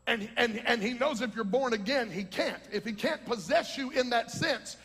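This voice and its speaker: High-voiced fervent preacher man in a hall. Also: breathy edge. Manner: fervent, rising to shouts, teaching from scripture. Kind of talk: preaching a sermon. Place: large hall with a congregation. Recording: long hall reverb.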